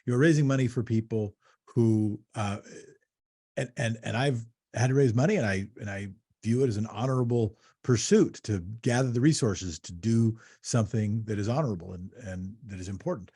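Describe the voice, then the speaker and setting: A man's voice: lowish voice, moderate pace, dark tone, husky. A man hosting a podcast interview, asking probing questions in a conversational way and often restarting his phrases. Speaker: podcast host.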